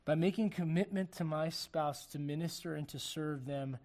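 A middle-aged man from Puerto Rico preaching a sermon to a congregation, shifting from fervent shouts to quiet, earnest appeals and slipping in jokes. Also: fairly high pitch, moderate pace. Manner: joking asides to the congregation. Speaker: pastor. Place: church service before a congregation.

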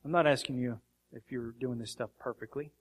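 A man's voice: medium pitch, steady tone, a little fast. A man preaching a sermon with emphatic rhetorical questions.

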